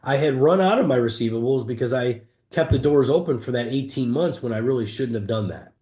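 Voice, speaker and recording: A man's voice: mid-range voice, lively intonation, fairly quick, mellow. Earnest man telling his story, roomy sound. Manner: earnest, emphatic, vivid retelling with frequent restarts. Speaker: entrepreneur guest. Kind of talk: candid personal storytelling in an interview. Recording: roomy echo.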